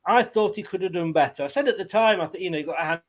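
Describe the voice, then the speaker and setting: Jokey male co-host with a high voice, stumbling and laughing through casual football chat. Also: lively intonation. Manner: jokey, laughs between lines, halting restarts.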